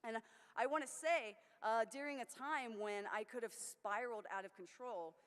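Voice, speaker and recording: A woman's voice: a little high, moderate pace, smooth. A woman giving a conference keynote, telling personal stories in an earnest way. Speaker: keynote speaker. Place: large conference hall. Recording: long reverb of a large hall.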